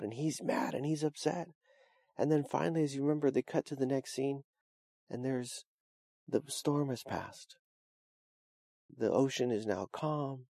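A man's voice: mid-range voice, mellow, dry recording, clean studio sound. A man preaching a sermon, telling a story in a conversational way with frequent restarts and fillers. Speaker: pastor.

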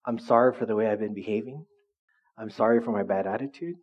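Storytelling bit: man doing a low, sheepish talking cockatoo pet in a lo-fi recording. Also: fast talker, lightly acted. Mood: contrite. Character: chastened talking pet cockatoo, male, once rude.

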